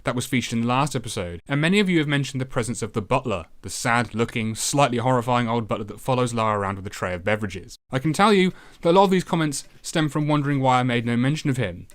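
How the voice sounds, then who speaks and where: British man, game review host, comedic voice-over, sarcastic, sweary, mid-pitched voice. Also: quick pace, few pauses, fairly bright tone.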